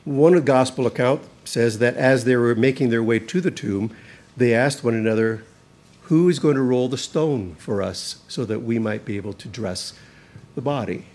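A man's voice: medium pitch, normal speed, darkish tone. A man preaching a sermon, reading scripture aloud and stressing key words with emphatic rises. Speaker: pastor.

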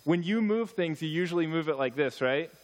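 A man, a missionary speaker, giving a church talk with humorous stories, animated asides to his audience. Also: on the high side, brisk. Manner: storytelling, joking, animated asides.

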